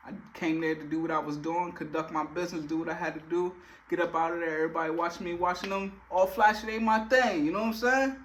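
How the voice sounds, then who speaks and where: A man's voice: high-pitched, fairly quick, fairly bright tone, slight background noise. A young man telling a personal story in a casual, slangy way, full of filler phrases.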